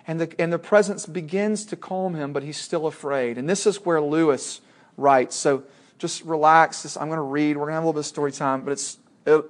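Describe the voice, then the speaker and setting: A man preaching a sermon in a conversational way, speaking directly to his listeners. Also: on the high side.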